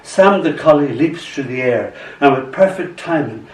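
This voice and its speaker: An older man reading his own poems aloud at a live bookshop event, in a soft storytelling way. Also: fairly high pitch, animated, moderate pace. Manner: soft, storytelling delivery with acted voices. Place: small bookshop, indoors. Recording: roomy bookshop sound from a distance.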